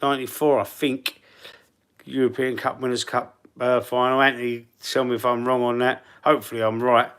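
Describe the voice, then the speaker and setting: A man's voice: mid-range voice, level tone, moderate pace, a bit bright, clear, resonant tone. A man with a Cockney London accent, chatting casually and rambling on a live football fan stream, reading out the chat.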